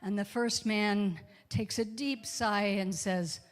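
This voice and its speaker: A woman's voice: medium pitch, steady tone, takes it slowly, hardly any pauses. A woman speaking as a guest minister in a church, giving a chatty, joking sermon and spelling words out letter by letter. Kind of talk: casual sermon.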